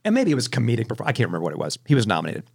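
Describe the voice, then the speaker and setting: Rapid-fire and gravelly, with a slightly rough mid-range voice, a film podcast host tells animated stories in a chatty way, frequently starting over mid-thought.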